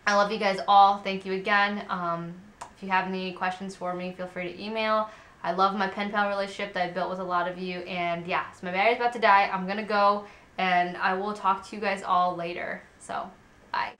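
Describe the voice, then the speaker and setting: Candid young mom in a roomy echo. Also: female voice, mid-range voice, little pitch movement, fairly quick, fairly bright tone. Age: 20s. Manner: candid, rambling, many fillers. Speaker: parenting vlogger. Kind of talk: casual chat to camera. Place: at home.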